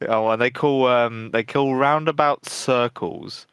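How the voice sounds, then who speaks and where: A man's voice: medium pitch, steady tone, measured pace, fairly bright tone, clean tone, no room sound, clean studio sound. A man co-hosting a podcast in casual chat, cheeky and laughing, swearing casually. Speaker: podcast co-host.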